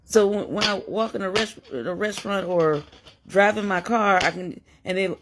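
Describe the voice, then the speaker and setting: A woman's voice: mid-range voice, moderate pace, noisy background. Woman, casual reaction commentary, dry sarcastic delivery. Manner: amused, sarcastic, laughing at times.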